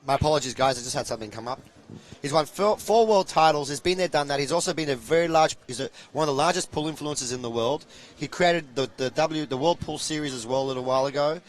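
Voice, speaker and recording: A man's voice: on the high side, fast. A man hosting a live pool stream, eagerly promoting it and commenting at length.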